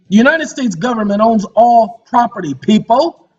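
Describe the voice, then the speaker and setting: Brisk and high-voiced, this man swings widely in pitch as he delivers a lecture monologue online. He comes across as preachy and confrontational, adding teasing asides, while the audio is muffled with faint music underneath.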